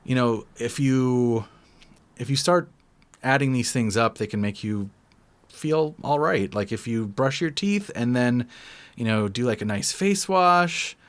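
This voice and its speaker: A man's voice: medium pitch, unhurried. A young man co-hosting a podcast in casual, rambling chat, self-deprecating and often restarting his sentences. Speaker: podcast co-host.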